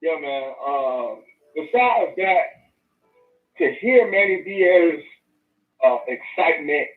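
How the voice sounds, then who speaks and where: Woman cohost chatting sports calmly, sounds like a phone line in an echoey room. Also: low voice, takes it slowly, faint music behind. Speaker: sports talk show co-host. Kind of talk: casual sports chat.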